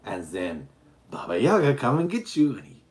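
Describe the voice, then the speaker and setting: Picture a swaggering, faintly menacing oddball with a patchwork accent that drifts between Russian, French and German, as a man puts him on for a laugh. He leans in with hushed, creepy asides and swoops from high, sly exclamations down to low murmurs. It is comic mock-villainy on a casual stream. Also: sing-song, moderate pace, lightly acted. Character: eccentric Eastern European-ish gun-loving man, menacing joker. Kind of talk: comedic character voice on a livestream.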